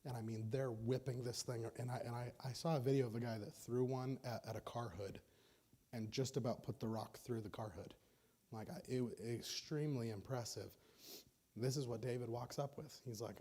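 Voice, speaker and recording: A man's voice: medium pitch, moderate pace, warm tone, husky. A man preaching a casual, storytelling sermon, often restarting his sentences.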